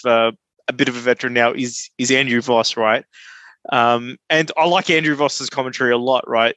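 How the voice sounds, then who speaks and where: A man's voice: medium pitch, bright, forceful tone, no echo. A man co-hosting a casual sports podcast, earnest and talking his thoughts through as he goes. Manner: earnest, filler-heavy, talks things through. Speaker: podcast co-host.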